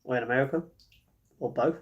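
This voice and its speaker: A man's voice: medium pitch, quick pace, dull audio. A man live streaming, chatting casually and reading viewer comments aloud, often laughing.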